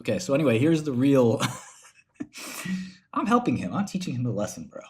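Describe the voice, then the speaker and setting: This host's voice is mid-range and darkish, with a sing-song lilt and moderate pace. Running a casual finance stream, he clicks through research while spinning slang-heavy stories and calling everyone "bro."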